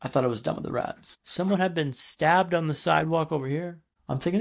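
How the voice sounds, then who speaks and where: A man in his thirties speaks as a podcast guest in a dramatic storytelling way. He builds tension with repeated refrains and pauses. His voice is fairly high and gravelly, and he talks fast. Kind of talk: storytelling interview.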